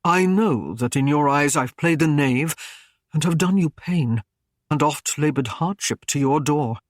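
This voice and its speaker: Male narrator doing a coaxing knight, flattering, dry close sound, audiobook. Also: fairly high pitch, measured pace, no echo, close to an everyday voice. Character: smooth-talking knight wooing a woman.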